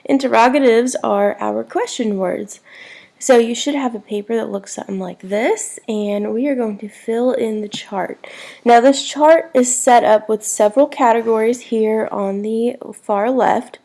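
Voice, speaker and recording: A woman, teaching a recorded lesson at a slow, unhurried pace. Her voice sits a little high, and she spells words out one letter at a time. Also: gravelly, darkish tone. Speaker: Spanish teacher.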